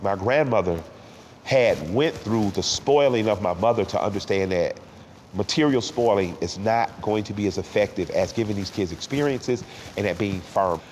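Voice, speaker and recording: A man's voice: on the low side, moderate pace, a little mellow, big-room sound. A man in his forties talks in an interview, heartfelt and reflective. He stumbles over repeated words when emotion rises, and tears sometimes come into his voice. A faint background hiss sits under the recording. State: tearful at times. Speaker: interview guest, rapper.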